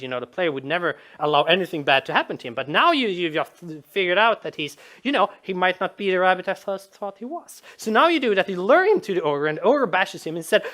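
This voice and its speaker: Low-voiced woman rambling about game design. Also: fairly bright tone. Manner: rambling, with many repeated words and restarts. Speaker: video essayist. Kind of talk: casual game design commentary.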